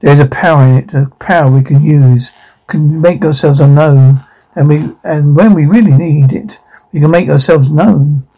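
A man voicing a jealous, scheming young woman who is a ghost, in halting, restarting phrases. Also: a little high, warm tone, breathy edge, low-quality recording. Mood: brooding.

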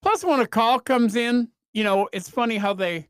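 A man hosting a podcast, rambling through a comedic monologue with animated swings and quick mock voices. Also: very high-pitched, smooth, no room sound, studio quality. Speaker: podcast host.

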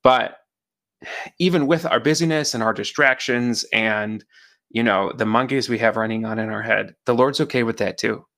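Male podcast co-host with a gravelly voice, reflective, talks with many fillers. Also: medium pitch, moderate pace, fairly bright tone. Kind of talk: casual conversation on faith.

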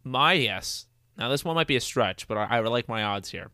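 Brief: podcast co-host man, animated and jokey, bright dry voice. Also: mid-range voice, moderate pace, no room sound. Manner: jokey, riffs with silly voices. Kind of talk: casual comedic chat.

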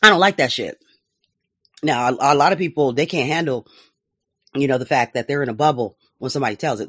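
A woman's voice: very deep voice, animated, brisk, long pauses, a bit bright, husky, no echo, studio quality. A woman hosting a podcast, giving casual political commentary in a profane, laughing, mocking way. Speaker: podcast host.

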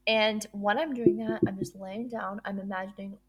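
A woman's voice: medium pitch, steady tone, moderate pace, slightly rough. A woman hosting a podcast, talking through her routine in a casual solo monologue, upbeat and gushing, with lots of fillers. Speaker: podcast host.

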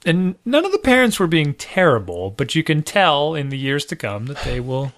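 A man's voice: a little high, sing-song, normal speed, fairly bright tone. A man in his thirties, a podcast co-host talking casually in a rambling, self-deprecating way with frequent restarts. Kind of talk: casual chat.

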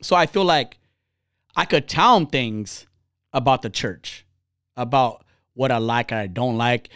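A man's voice: medium pitch, measured pace, fairly bright tone, clean tone, no echo, clean studio sound. A man chatting casually, telling a candid, rambling story full of restarts and asides.

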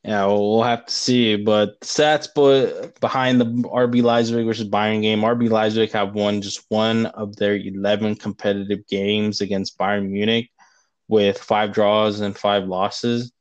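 A man's voice: on the low side, little pitch movement, unhurried, no echo, muffled recording. A man hosting a casual soccer preview podcast, reading stats and joking, laughing often and saying "bro" a lot. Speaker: podcast host.

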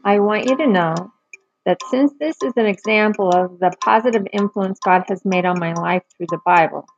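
A woman hosting a podcast, reading Bible passages aloud in a careful, measured way and adding short personal commentary. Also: mid-range voice, faint music behind. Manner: careful, measured reading with occasional small slips. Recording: dull lo-fi dry recording.

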